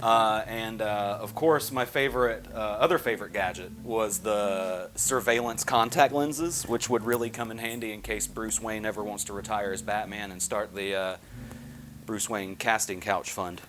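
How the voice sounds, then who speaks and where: A man's voice: on the low side, steady tone, moderate pace, fairly bright tone, slight background noise. A man giving a scripted comedy film review, joking crudely and swearing freely. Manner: crude, jokey, profane.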